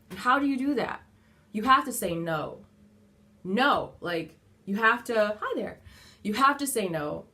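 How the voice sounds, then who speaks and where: A woman's voice: medium pitch, animated, normal speed, bright, forceful tone. A woman who is a mother talks casually and candidly to camera at home, giving motivational parenting advice with frequent fillers and the odd swear word. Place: at home indoors.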